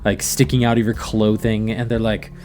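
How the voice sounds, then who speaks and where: A man's voice: on the low side, flat delivery, moderate pace, a little mellow, soft background music. A man narrating as game master of a tabletop game, playful and vivid.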